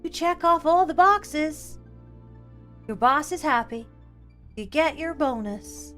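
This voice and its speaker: A woman voicing a worldly, familiar female character with a slow, drawling way of talking. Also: high voice, animated, a bit bright, faint music behind, pitched above the performer's own voice, exaggerated voice. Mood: breezy. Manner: drawling, calls people honey.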